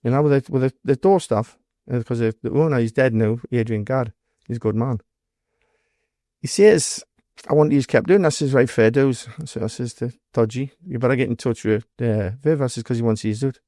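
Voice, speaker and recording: A blunt-talking man with a thick Geordie accent tells his stories plainly, swearing freely and voicing the people he quotes. His voice sits at a middling pitch, and the recording is dry and close. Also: fairly even intonation, fairly quick, few pauses, mellow, no room sound. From North East England. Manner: blunt storytelling, heavy swearing, acts out quoted dialogue. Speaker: guest, former doorman. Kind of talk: casual interview storytelling.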